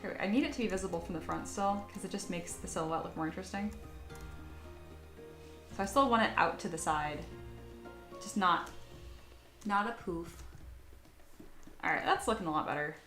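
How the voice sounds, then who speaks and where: A woman sculpts on a live stream, chatting casually with viewers, reading their comments aloud, and often joking at her own expense. Her voice is fairly low and fairly bright, at normal speed with frequent pauses. The room echoes, with faint music behind her.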